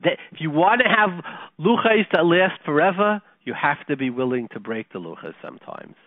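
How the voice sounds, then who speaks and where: A man's voice: fairly high pitch, big pitch swings, moderate pace, no room sound. A man hosting a Torah talk show, telling a story in a folksy, conversational lecturing way with Hebrew and Yiddish terms. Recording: tinny phone line, dry.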